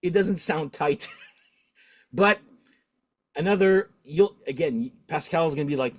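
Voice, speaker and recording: Chatty middle-aged man, higher voice. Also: slow pace, pauses often. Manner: talkative, animated, laughs often. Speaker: podcast host. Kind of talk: casual chat.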